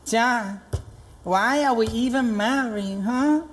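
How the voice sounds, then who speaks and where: A man's voice: very high voice, slow, a little hiss or hum. A man doing a scolding, fed-up Latina wife. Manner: scolding, bitter, dramatic.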